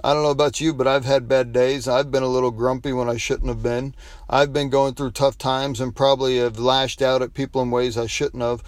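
A man's voice: mid-range voice, flat delivery, a little fast, dry recording. A man preaching a devotional sermon, telling a folksy story with frequent restarts and closing in prayer. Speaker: pastor.

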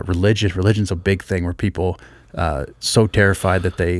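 A man's voice: sits low, no echo. A man in casual chat, telling stories bluntly with plenty of swearing. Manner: blunt, profane storytelling.

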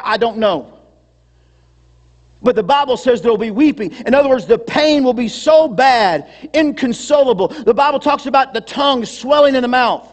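Male pastor, very high voice, preaching in a church with long reverb, calls for congregation responses. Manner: preaching with congregation call-and-response, rising to shouts. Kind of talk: sermon. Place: church sanctuary.

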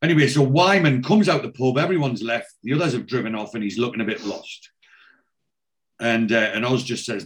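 A man's voice: medium pitch, fairly quick. A man chattily retelling a TV episode for a podcast, acting out the lines he quotes.

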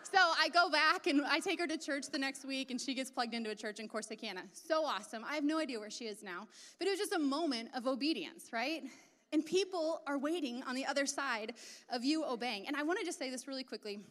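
Woman, high voice, casual sermon, chatty asides, long hall reverb. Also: fairly quick, pushed and bright. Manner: casual and chatty, many asides and filler words. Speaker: preacher.

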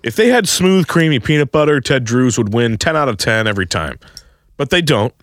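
Animated man reading out listener questions. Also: mid-range voice, a little fast, no echo, studio quality. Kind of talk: casual sports talk show.

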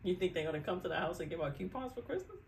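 A woman's voice: lowish voice, expressive, rapid-fire, gravelly, heavy background noise. Laughing New York woman co-host. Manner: laughs often, clarifies and teases. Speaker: podcast co-host. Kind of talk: casual chat.

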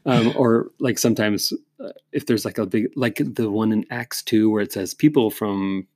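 A man's voice: lowish voice, steady tone, normal speed, darkish tone, no echo, studio quality. Chatty man hosting a podcast. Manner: chatty, rambling, explanatory. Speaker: podcast host. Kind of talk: casual chat.

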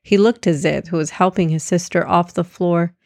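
A woman reading a children's story aloud in a gentle, clear way. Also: on the low side, fairly even intonation, moderate pace, no echo, studio quality.

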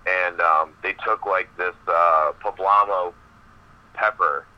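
A male professional wrestler, a guest on an interview podcast, telling a long backstage story in a rambling, animated way with many fillers. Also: low voice, slow, muffled recording.

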